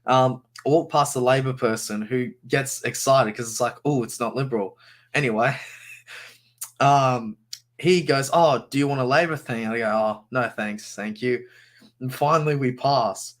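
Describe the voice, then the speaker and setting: Young australian dude on a video call, laid back storytelling, average pitch. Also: male voice. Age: young adult. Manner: relaxed anecdotal storytelling, laughing. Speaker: guest. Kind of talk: casual chat on a video call.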